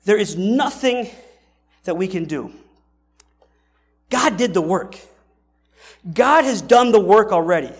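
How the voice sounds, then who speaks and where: A man's voice: high voice, lively intonation, takes it slowly, long pauses, husky. A male pastor preaching a sermon in a conversational way, asking rhetorical questions and often restarting his sentences.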